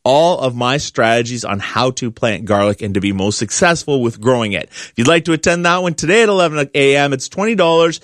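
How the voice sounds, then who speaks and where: A man's voice: medium pitch, fairly quick, few pauses, fairly bright tone, dry recording, clean studio sound. A man hosting a call-in gardening radio show, talking in an upbeat, chatty, promotional way.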